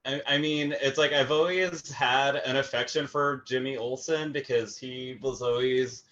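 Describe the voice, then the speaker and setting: A man's voice: medium pitch, steady tone, moderate pace, fairly bright tone, a little hiss or hum. A man guesting on a podcast, easygoing but hesitant, often stumbling over his first words. His sound is a little dull and muffled. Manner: hesitant, stammering starts. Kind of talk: casual chat.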